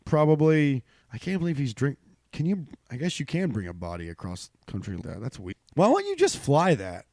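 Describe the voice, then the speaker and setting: A man's voice: fairly high pitch, a little fast, no room sound, clean studio sound. A man co-hosting a casual comedy podcast, swearing and joking as he talks. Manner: animated, swearing, laughs a lot. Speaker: podcast co-host.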